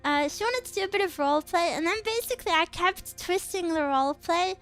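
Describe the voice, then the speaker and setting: A woman's voice: very high-pitched, expressive, fairly quick, a bit bright, soft background music. A woman streamer chatting casually, telling teasing stories with frequent giggles. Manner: giggly, laughs often between stories; playful, teasing storytelling. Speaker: VTuber streamer. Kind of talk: casual chat.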